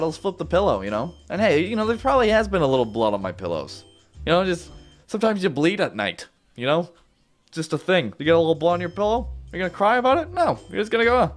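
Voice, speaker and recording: A man giving casual, jokey commentary while playing a game at home in his apartment, with sudden playful jumps in his voice. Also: a little high. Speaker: gaming video host. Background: neighbor's music.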